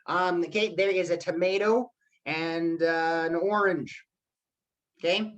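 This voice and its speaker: A man's voice: on the high side, steady tone, takes it slowly, a bit bright, muffled recording. A man teaching a live online class who keeps checking in with "okay?" as he talks. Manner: chatty, keeps asking "okay?". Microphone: computer mic on a video call.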